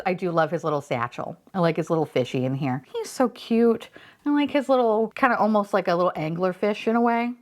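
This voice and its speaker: Young adult woman, excitable unboxing host, cusses casually, voice swings high and low a lot. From Florida. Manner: gushing, excitable, swears freely, sudden squeals. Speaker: unboxing vlogger.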